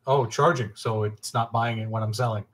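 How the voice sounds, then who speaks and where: A man's voice: medium pitch, fairly even intonation, a little fast. A man playing a tabletop game, chatting casually and joking with the group. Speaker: player.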